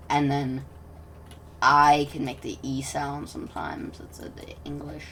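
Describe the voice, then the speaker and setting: Woman gamer commentating casually; low, gravelly voice that wanders and trails into mutters, recorded a bit far from the mic. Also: expressive, a little slow, a little hiss or hum. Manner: rambling, self-interrupting, drops to soft mutters. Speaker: gaming commentator.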